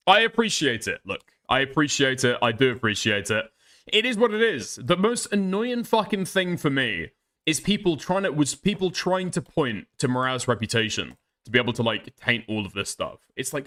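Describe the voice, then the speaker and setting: A man's voice: mid-range voice, sing-song, moderate pace, bright, forceful tone. A man streaming live, reacting to a clip with profane, exasperated commentary and laughing asides.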